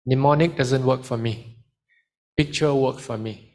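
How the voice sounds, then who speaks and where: A man's voice: mid-range voice, a little slow. A man giving a study skills seminar to students and taking questions, switching into Malay now and then. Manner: lively, mixes in Malay phrases. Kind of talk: seminar talk with Q and A.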